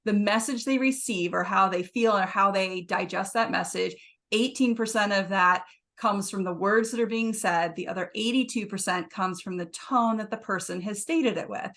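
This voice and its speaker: A woman hosts a webinar over a video call. She talks in a chatty, easy way and fills pauses with agreeing murmurs. Her pitch sits in a middle range for a woman. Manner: chatty, warmly agreeing with many "mm-hmm"s. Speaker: webinar host. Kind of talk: webinar discussion.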